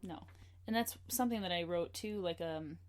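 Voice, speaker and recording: A woman guest on a podcast, chatting casually about a book. Her voice sits fairly low for a woman. She laughs often and breaks into quoted passages. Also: normal speed. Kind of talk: casual chat.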